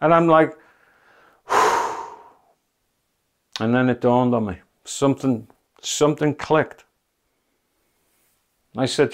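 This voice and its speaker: A middle-aged man recounts a personal testimony in a loose, earnest way, filling his talk with "you know" asides. His voice sits somewhat high for a man. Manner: earnest and conversational, many you-knows, rising to near-shouting when reliving anger. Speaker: speaker giving a spiritual testimony.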